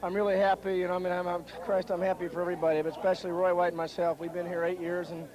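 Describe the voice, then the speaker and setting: A man giving a hoarse, rambling, grateful postgame TV interview after a win. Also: sits high, little pitch movement, very fast, low-quality recording. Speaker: ballplayer interviewed after winning. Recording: 1970s TV broadcast with crowd noise.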